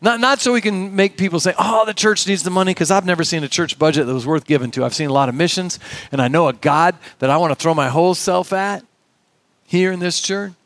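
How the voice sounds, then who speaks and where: A man's voice: a little high, brisk, fairly bright tone, no room sound. A middle-aged male pastor preaching a sermon in an earnest, conversational way, often quoting dialogue.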